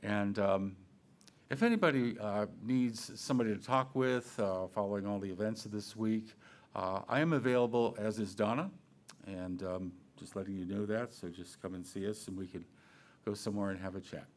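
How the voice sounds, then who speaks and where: In a church sanctuary, a minister with a lowish voice preaches to his congregation at a normal speed. His sermon is conversational and playful, full of questions and acted-out quotations.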